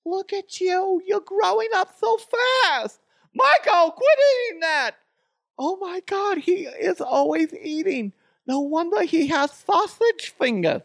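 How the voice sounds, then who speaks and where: A man putting on a fussy, high-voiced mother fretting over her son in a shrill, nagging falsetto. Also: expressive, slow, gravelly, a bit bright, no room sound, studio quality, exaggerated voice. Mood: fussing.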